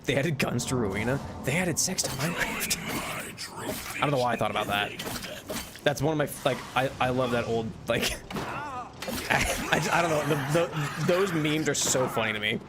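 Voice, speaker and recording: A man's voice: medium pitch, expressive, moderate pace, pauses often, heavy background noise. A man chatting casually while streaming a game, rambling with lots of fillers and restarts, laughing often and yelping at mishaps. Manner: yelps loudly at in-game mishaps. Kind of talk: casual live-stream chat. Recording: background game music.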